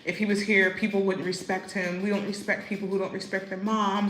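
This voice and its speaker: A bright-voiced woman chats casually to camera, animated and talkative, with lots of fillers. Her voice bounces around an echoey room with a faint hum of background ambience. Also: medium pitch, moderate pace. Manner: chatty, animated, fillers like "like" and "you know what I mean". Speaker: vlogger. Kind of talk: casual chat. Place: living abroad as an expat.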